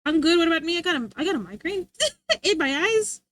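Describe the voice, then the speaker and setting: Giggly high-voiced woman streamer. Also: lively intonation, brisk, a bit bright. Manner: rambling, giggly, reads chat aloud. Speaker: livestreamer. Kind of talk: casual live-stream chat.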